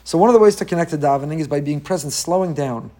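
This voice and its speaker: A man gives a Torah class in a slightly raised, lively voice. He teaches with energy and often drops into quick acted voices for the people in his examples. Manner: animated, acts out quoted voices with rising pitch. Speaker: rabbi.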